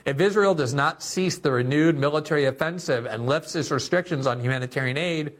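A man's voice: on the high side, fairly quick, fairly bright tone. A man hosting political commentary, reading news quotes aloud and adding indignant, sarcastic remarks. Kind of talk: opinionated commentary on news clips.

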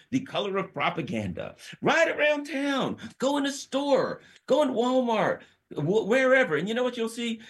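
Male talk radio host, middle-aged, animated, sarcastic, slightly high-pitched, punchy delivery. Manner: emphatic, sarcastic, mock-quoting opponents, swings from loud to low. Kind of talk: opinionated talk radio monologue.

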